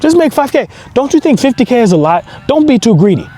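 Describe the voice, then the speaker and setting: Wheedling, high, fearful inner self as a man plays it; clingy and pleading. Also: big pitch swings, fast, warm tone, breathy edge, exaggerated voice. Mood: coaxing, pleading. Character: timid male inner self, coaxing and clingy.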